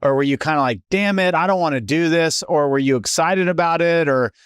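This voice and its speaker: A man's voice: on the high side, fairly quick, clean tone, no echo. Curious man asking podcast questions, dry sound. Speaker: podcast host, interviewer. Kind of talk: casual interview.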